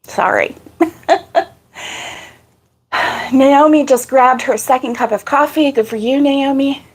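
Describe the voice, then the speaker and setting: A woman's voice: high voice, slow. A woman hosting a casual live crochet stream, out of breath, chatting and greeting viewers by name. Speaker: crochet channel host.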